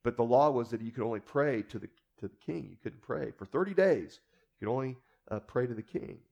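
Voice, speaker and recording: A man's voice: mid-range voice, lively intonation, fairly quick, vocal fry, darkish tone, lo-fi sound. A man preacher teaching a Bible story in a casual storytelling way, with rhetorical asides to the listeners.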